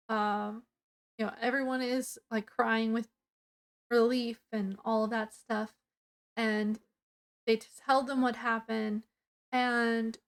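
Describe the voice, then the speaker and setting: A woman casually reviewing a book, retelling the plot in a rambling way with lots of fillers. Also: fairly high pitch.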